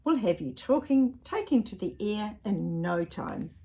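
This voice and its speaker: Brief: woman reading as a gentle, helpful park keeper in a storybook, slow and breathy. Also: mid-range voice, big pitch swings, heavily acted. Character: kindly older male park keeper.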